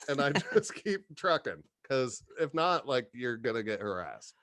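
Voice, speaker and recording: A man's voice: mid-range voice, expressive, moderate pace, few pauses, a bit bright, no room sound, clean studio sound. A middle-aged man telling rambling, profane stories in casual chat, often laughing as he talks. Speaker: podcast guest.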